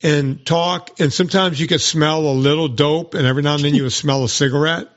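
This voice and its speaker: A man's voice: on the high side, a little fast, highs cut off. A man hosting a podcast, telling stories in casual chat and acting out what other people said in mock voices. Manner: animated storytelling with mock quoted voices. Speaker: podcast host and trainer.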